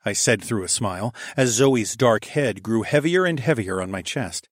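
A man's voice: lowish voice, animated, normal speed, hardly any pauses, no echo, clean studio sound. A man narrating a first-person romantic fantasy story, intimate and wry, switching between narration and dialogue. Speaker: audiobook narrator.

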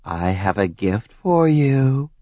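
A man's voice: medium pitch, very animated, takes it slowly, dry recording, lo-fi sound. A man voicing a cruel female goddess who taunts and gives menacing orders. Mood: taunting. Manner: mocking, menacing, shouts orders.

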